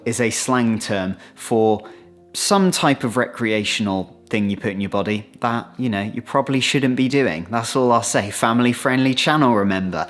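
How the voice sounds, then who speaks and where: A British man in a casual explainer vlog, chatty and animated, acting out little quoted exchanges as he talks. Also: mid-range voice. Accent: British English. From Britain. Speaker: vlogger. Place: outdoors, then moving inside.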